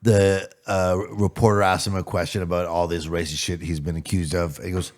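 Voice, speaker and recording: A man with a fairly low voice in casual podcast chat. He gives short, blunt opinions in an offhand way, then talks on at more length when telling a story. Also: fairly even intonation, normal speed, hardly any pauses, darkish tone. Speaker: podcast co-host.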